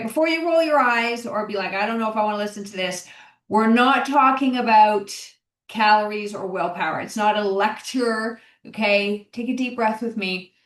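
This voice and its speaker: A middle-aged woman hosting a solo podcast, talking in an encouraging, conversational way and often repeating her key phrases. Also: fairly high pitch. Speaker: podcast host, health coach. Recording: roomy, distant mic.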